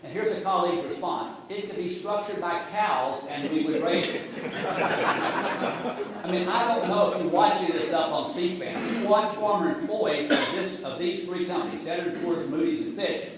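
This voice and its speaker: A man's voice: high voice, moderate pace, a loud crowd. A middle-aged man, giving a sarcastic, jokey talk on finance to a live audience and speaking to it directly. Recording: echoey hall from far off, noisy.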